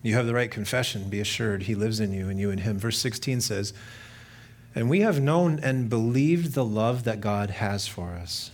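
A pastor preaching a sermon in a conversational way, rising to earnest emphasis and dropping to quiet reflection. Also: male voice, on the low side, moderate pace. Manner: conversational, with many fillers and restarts.

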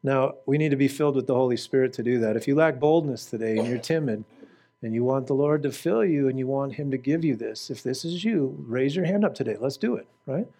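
This fervent sermon comes from a male preacher with a medium-pitched voice and a brisk pace. He addresses the congregation with direct questions and moves between shouting and quiet prayer.

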